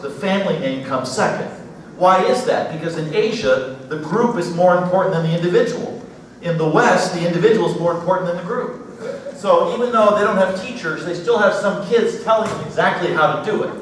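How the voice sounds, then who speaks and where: In a church sanctuary, a man with a high, somewhat bright voice presents a friendly missionary slide talk, laughing occasionally at his own anecdotes. The distant mic catches the hall's echo and a faint hiss.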